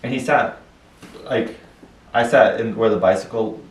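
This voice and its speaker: Young guy on a podcast, telling stories all animated, kinda echoey and far from the mic. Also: on the low side, measured pace. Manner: animated storytelling with laughs. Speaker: podcast co-host. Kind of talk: casual chat. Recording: roomy, distant mic.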